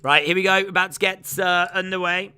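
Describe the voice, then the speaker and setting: Here a man hosts a live fight watch-along, talking with viewers, reading out their comments and giving play-by-play on the fight. He sounds high-pitched, brisk and smooth, with a sharp tone and fairly even intonation.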